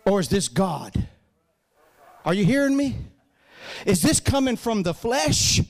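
A man preaching a sermon as pastor, swinging from shouted emphasis down to low, quiet lines while quoting scripture. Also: big pitch swings, a little slow.

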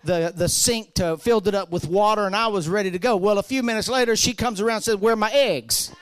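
Male pastor, high voice, animated storytelling sermon, faint music behind. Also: fast, clear, resonant tone, no echo. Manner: storytelling, animated swings from soft to loud.

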